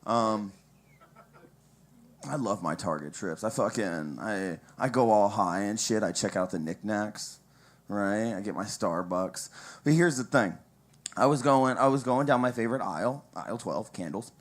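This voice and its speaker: A man's voice: lowish voice, expressive, unhurried. Crude rambling young male stand-up comic. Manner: casual, crude, rambling with asides and laughs at own jokes. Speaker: stand-up comic at an open mic. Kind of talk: stand-up comedy set.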